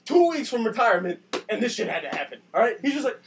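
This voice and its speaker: A young man telling a comic story in a sarcastic rant with bursts of shouting, recorded on a distant camera mic. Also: very high voice, very animated, fast talker, few pauses. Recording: distant mic with faint noise.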